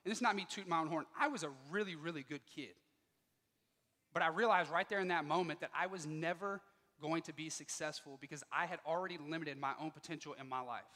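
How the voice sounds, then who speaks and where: A man giving a motivational speech to students, telling a personal story with lively delivery and acting out the dialogue. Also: on the high side, fast, long reverb tail. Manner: animated, acts out quoted dialogue. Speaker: motivational speaker. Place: school auditorium.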